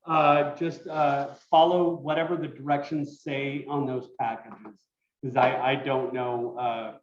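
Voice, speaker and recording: A man's voice: medium pitch, measured pace, a little hiss or hum. A man teaching an online cooking class from his kitchen, explaining loosely with lots of fillers. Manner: relaxed, thinking aloud with many fillers. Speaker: cooking instructor. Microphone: video call. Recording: roomy lo-fi video call audio.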